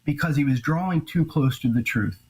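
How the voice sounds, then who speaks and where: A male journalist and author answering interview questions in an earnest, grave way, with halting restarts. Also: a little high, a little mellow, poor audio.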